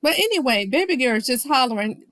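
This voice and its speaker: A woman's voice: high voice, big pitch swings, fast, a bit bright, dry recording. A woman recapping a reality show in casual commentary, talking straight to her viewers and quoting people with playful shifts of voice. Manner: chatty, quotes people with playful voice swings.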